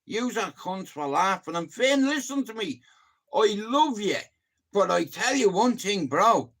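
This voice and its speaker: Dublin Irish man, very high voice, animated, swearing, casual live-stream chat. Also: unhurried.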